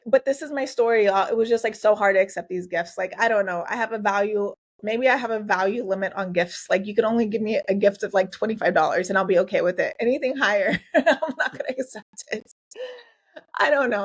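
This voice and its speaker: A woman in her forties hosting a heartfelt solo podcast, earnest and emotional, talking to listeners with lots of "like" and "y'all". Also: on the high side. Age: 40s. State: tearful at times. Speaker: podcast host and coach.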